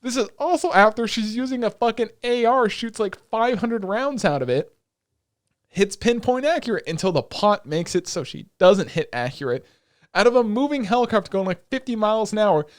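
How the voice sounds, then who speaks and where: A man's voice: sits high, animated, normal speed, no echo, studio quality. A young man co-hosting a casual podcast, ranting heatedly and swearing a lot. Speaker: podcast co-host.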